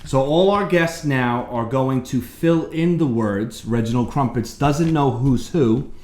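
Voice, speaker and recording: Brief: male podcast host, relaxed and explanatory, mid-pitched, echoey room. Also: unhurried. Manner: relaxed, explains the game step by step. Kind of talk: casual chat.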